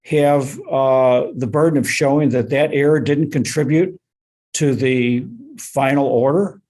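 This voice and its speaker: A man serving as an appellate judge, questioning lawyers in oral argument with halting, probing questions and many fillers. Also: medium pitch, fairly even intonation, a little mellow.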